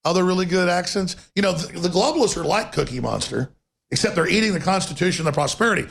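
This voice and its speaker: A man hosting a political talk radio show, delivering an emphatic, sarcastic monologue with bursts of rapid speech. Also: fairly high pitch, expressive, vocal fry, a bit bright, a little hiss or hum.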